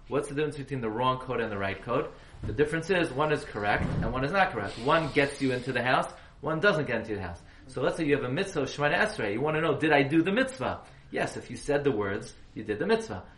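A man's voice: medium pitch, a bit bright. A man giving a halacha class, questioning his students and spelling words out letter by letter. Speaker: Torah teacher. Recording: echoey room, faint hiss.

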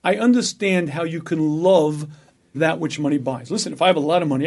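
A rabbi giving a Torah lecture, speaking emphatically, asking rhetorical questions and repeating phrases for effect. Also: male voice, fairly high pitch, brisk, darkish tone. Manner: acts out an inner voice in dialogue.

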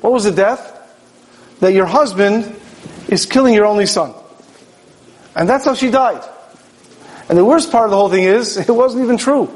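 High-voiced man giving a storytelling sermon. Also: normal speed, long pauses, low-quality recording. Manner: storytelling with rhetorical questions and acted-out dialogue. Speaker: rabbi teaching Torah. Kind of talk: Torah sermon.

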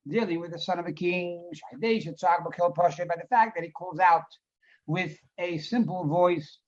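A man's voice: sits high, moderate pace. Male rabbi teacher, storytelling class, translates line by line, muffled lo-fi sound. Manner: reads Hebrew phrases, then translates and elaborates; storytelling, repeats words for emphasis. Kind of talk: Torah class on a Hasidic discourse. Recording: dull lo-fi recording.

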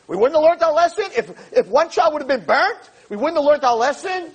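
Barely pausing and talking a little fast, the rabbi and teacher uses a very high-pitched voice with lively intonation. His animated Torah lecture is emphatic and impassioned, nearly shouting at times and sprinkled with Hebrew and Yiddish, captured on a low-quality recording.

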